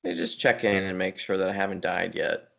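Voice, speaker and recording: Podcast co-host, male, lowish voice, relaxed and rambling. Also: brisk, creaky. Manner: relaxed, rambling with frequent restarts. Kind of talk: casual chat.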